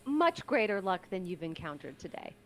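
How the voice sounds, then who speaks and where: A woman's voice: lowish voice, sing-song, moderate pace, a little hiss or hum. A woman voicing a gregarious, theatrical changeling who speaks in a courtly, overly polite way. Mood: gracious.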